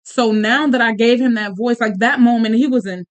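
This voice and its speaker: Her voice is a little high. This thirty-something mother and podcast host chats casually while telling a story, talking in quick spurts, restarting sentences, and tossing in asides.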